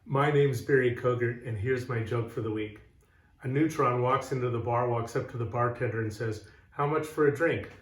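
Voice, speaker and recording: A man telling a short joke in a plain deadpan way, recorded in an echoey room. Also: mid-range voice, moderate pace. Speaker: music program director. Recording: echoey room, distant from the mic.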